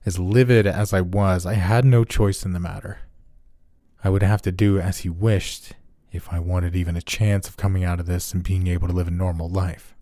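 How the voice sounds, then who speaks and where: Male horror narrator, very deep, steady, measured, dry close sound. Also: no room sound. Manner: steady, measured first-person storytelling.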